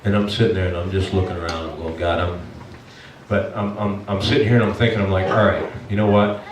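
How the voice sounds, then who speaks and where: A man's voice: low-pitched, fast talker, far from the mic, noisy background. Man preaching a story in an echoey church. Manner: animated, emotional storytelling with many restarts. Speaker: pastor. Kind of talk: storytelling sermon. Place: church sanctuary. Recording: echoey church room from afar.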